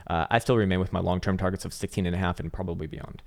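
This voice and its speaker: A man with a fairly low voice runs through crypto charts in a relaxed, conversational way. He jokes, swears casually and thinks out loud. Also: rapid-fire, gravelly. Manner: laid-back, joking, profane, thinking aloud with fillers. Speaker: crypto market analyst, channel host.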